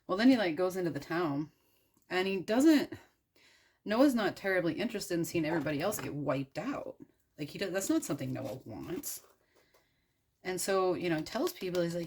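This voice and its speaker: A young American woman retells a story while crafting, casual, irreverent and profane, rambling with lots of fillers. Her lowish voice is sing-song and darkish at normal speed, with a little hiss or hum in the background.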